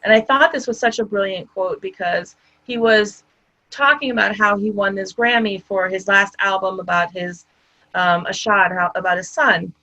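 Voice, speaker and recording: A woman's voice: mid-range voice, fairly even intonation, moderate pace, pushed and bright, highs cut off. A woman giving a conversational motivational talk, speaking directly to her audience in an upbeat way. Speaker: summit speaker.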